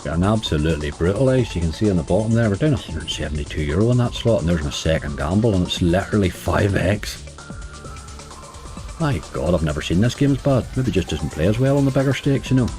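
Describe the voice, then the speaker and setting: Soft music plays behind a slots streamer whose deep, darkish voice is sing-song and brisk. He gives casual running commentary while playing, chatting away, muttering to the game, and urging it on.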